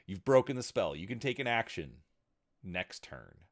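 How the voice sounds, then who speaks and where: A man's voice: lowish voice, sing-song, moderate pace, voice pushed up. A man voicing a sly, teasing male game master at a tabletop game.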